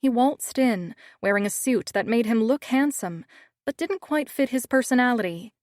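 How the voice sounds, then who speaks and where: A woman narrating a first-person audiobook with steady, measured storytelling. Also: fairly high pitch, dry recording, studio quality.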